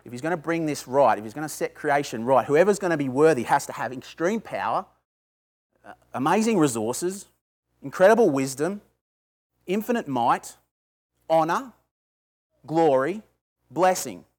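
A pastor with a slightly high, animated and a little mellow voice preaches at a moderate pace, leaving long pauses. Addressing a small group conversationally, he puts questions to them and builds toward emphatic bursts.

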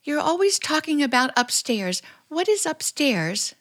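A woman's voice: high-pitched, very animated, measured pace, a bit bright, full character voice. An actress playing a nervous, confused young woman who pleads and stammers, in an old radio play. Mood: frightened. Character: frightened young woman Dory, clinging and confused. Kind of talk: 1940s radio acting.

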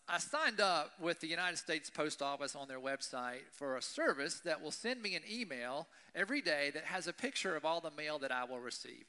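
A man's voice: a little high, bright, forceful tone, clear, resonant tone. A male pastor giving a conversational sermon to his congregation, often checking in with "right?". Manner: conversational, asks the audience "right?". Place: church service with congregation.

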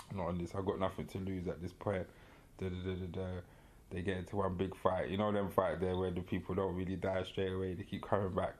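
A man's voice: sits low, little pitch movement, brisk, darkish tone. A man co-hosting a podcast, animatedly retelling a story in casual chat, full of slang and laughter. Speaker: podcast co-host.

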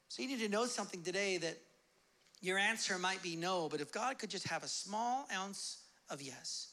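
A man preaching a sermon as pastor, casual and animated, acting out the voices of God and his listeners. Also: sits high, normal speed, vocal fry. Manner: casual, conversational preaching with fillers.

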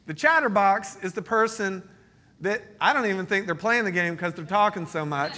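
A man in his thirties preaching a sermon as pastor, joking and telling stories. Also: sits high. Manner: storytelling, joking, animated. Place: church meeting space.

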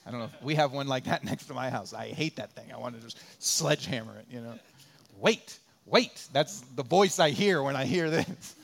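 A man preaching a sermon as pastor, repeating phrases for rhythm and dropping from loud peaks to quiet asides. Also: medium pitch. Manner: conversational and joking, acts out little quoted voices.

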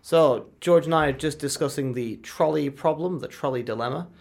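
A man's voice: fairly high pitch, normal speed, gravelly. A young man co-hosting a student radio show, chatting casually and making up characters as he goes. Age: young adult. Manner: animated storytelling, making up characters. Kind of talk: casual banter. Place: radio studio.

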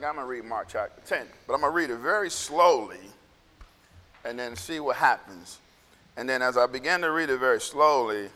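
A man's voice: mid-range voice, a bit bright. A man preaching a casual, conversational sermon. He repeats himself and acts out the people he quotes. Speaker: pastor. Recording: echoey hall.

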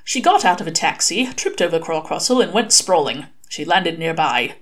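Expressive woman reading a story aloud. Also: low voice, normal speed. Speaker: reader. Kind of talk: audiobook reading of a short story.

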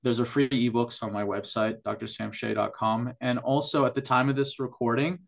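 A man's voice: mid-range voice, fairly even intonation, fairly quick, creaky. A man who works in functional medicine, a guest on a podcast interview, explaining at length with enthusiasm and frequent restarts.

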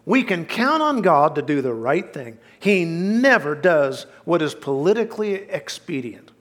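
A man's voice: fairly high pitch, sing-song, measured pace, few pauses, fairly bright tone. A male pastor, preaching a sermon in a folksy, emphatic way with bits of humor.

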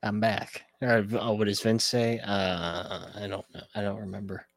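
A man's voice: lowish voice, steady tone, moderate pace, creaky. A man from the Rust Belt of upstate New York, co-hosting a casual movie-review chat in a blunt, laid-back way with some swearing. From American Rust Belt, upstate New York. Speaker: podcast co-host.

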